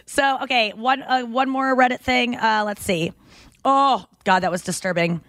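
Hosting a casual podcast from a makeshift home studio, a woman speaks at a moderate pace in a fairly high, somewhat bright voice, with no echo. She curses liberally and performs the quotes of the people in her stories.

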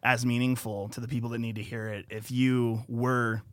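A man's voice: mid-range voice, little pitch movement, moderate pace, no room sound. A man who engineers a podcast, speaking earnestly and reading his own heartfelt writing aloud in casual conversation. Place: podcast studio.

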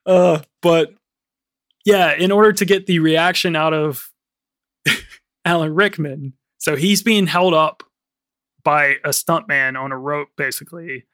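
A man co-hosting a film podcast in casual chat, rambling with lots of fillers and quick laughs. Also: fairly high pitch, fairly bright tone, no echo, clean studio sound. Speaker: podcast co-host.

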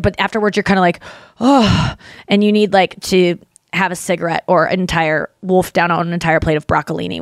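A woman hosting her podcast solo, chatting casually and self-deprecatingly, jumping into animated voices when she quotes people. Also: medium pitch, dry recording, clean studio sound. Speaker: podcast host.

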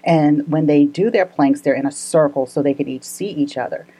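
A woman with a low voice tells a story in casual podcast chat. Her tone is soft and mellow, and she speaks earnestly with frequent laughter. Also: moderate pace, slightly rough, low-quality recording. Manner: earnest, laughs often, gets emotional.

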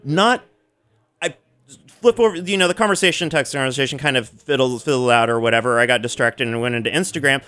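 A man's voice: mid-range voice, fast talker, pushed and bright, clean tone. A man co-hosting a radio show, telling stories in a chatty, profane way with lots of fillers. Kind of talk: casual chat.

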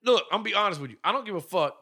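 Joking cussing dude, slightly high bright voice, lots of ups and downs. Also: male voice, animated, very fast, gravelly, breathy edge. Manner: profane, joking, drawling asides. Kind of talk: casual movie chat.

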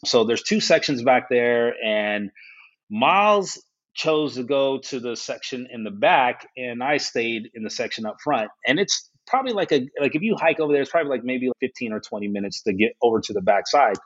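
A man's voice: mid-range voice, normal speed, highs cut off. A man, a guest on a podcast, telling a funny story in a casual way and laughing often. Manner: laughs often, animated anecdotes. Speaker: interview guest.

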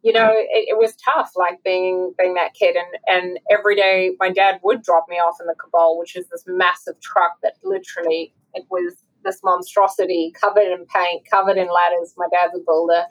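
A South African woman, appearing as a guest author in an interview, tells personal stories in an earnest, heartfelt way. Her voice is on the low side, at normal speed with hardly any pauses, and the recording is rough.

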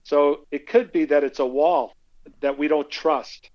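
A male podcast guest telling animated stories and acting out the quotes in them. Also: on the high side, a little slow, lo-fi sound. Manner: animated anecdotes, acts out quotes. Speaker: guest speaker. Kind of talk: conversational storytelling.

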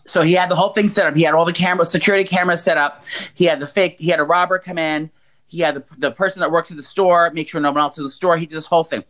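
A woman's voice: lowish voice, racing. Foul-mouthed woman in her forties, storytelling. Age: 40s. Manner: blunt, profane, animated storyteller. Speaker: podcast co-host. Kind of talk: casual chat, retelling news stories.

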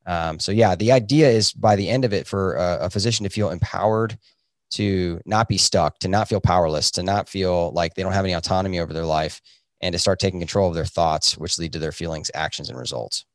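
A physician who founded a coaching program fields podcast interview questions in a low voice at a slightly fast pace. He reflects earnestly, with plenty of fillers, in studio-quality audio without room sound.

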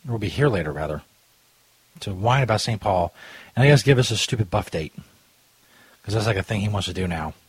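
Husky, animated podcast host ranting. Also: male voice, on the low side, no room sound. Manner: profane, ranting, jokey. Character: stoner Jesus persona. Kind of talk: casual rant podcast.

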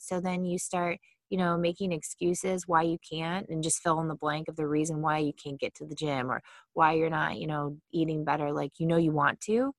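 A woman giving a casual mindfulness talk, chatty and quick to act out inner thoughts in little voices. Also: low-pitched, level tone, no echo, clean studio sound. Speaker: mindfulness speaker.

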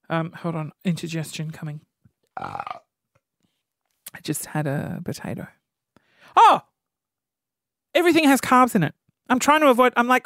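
A man's voice: very high voice, measured pace, long pauses, no room sound, studio quality. A young man ranting comically to camera, acting out little scenes in other people's voices. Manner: animated, mimics people in acted-out quotes. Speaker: vlogger.

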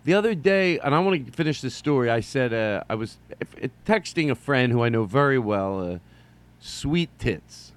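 A man's voice: mid-range voice, animated, moderate pace, smooth. Rambling joking male comedy podcaster. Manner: rambling, self-interrupting, jokey asides and mock voices. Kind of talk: rambling solo comedy monologue.

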